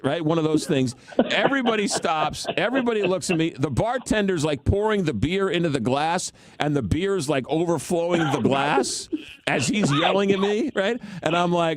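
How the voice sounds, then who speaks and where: A man hosting a radio talk show, telling a story in an animated, self-mocking way. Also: on the high side, moderate pace, dry recording.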